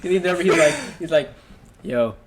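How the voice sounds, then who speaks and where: A man's voice: on the high side, fairly quick, very noisy. Young man telling stories with lots of fillers. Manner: animated storyteller, laughs often, many fillers. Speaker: podcast host. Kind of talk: casual podcast chat.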